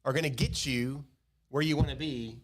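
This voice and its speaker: A man co-hosting a casual live business talk show, relaxed and joking. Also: medium pitch, normal speed. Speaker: co-host.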